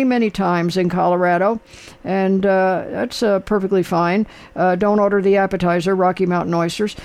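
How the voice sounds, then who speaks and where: A man's voice: high-pitched, a little mellow, clean tone. An older man hosting a casual talk show, rambling and chatty with lots of fillers. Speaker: radio host. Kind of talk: casual chat.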